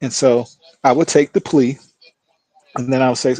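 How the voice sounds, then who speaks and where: Judge telling stories in a dry voice. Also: male voice, mid-range voice, normal speed, dry recording. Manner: lively storyteller who acts out voices. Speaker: judge, guest. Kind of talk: storytelling in a casual interview.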